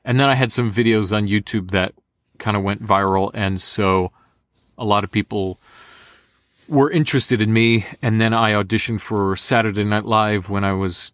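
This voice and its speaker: A man's voice: on the low side, normal speed, dry recording. A young American man, a voice actor, telling stories in a casual interview and slipping into impressions. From United States. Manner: animated storyteller, slips into impressions. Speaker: voice actor guest.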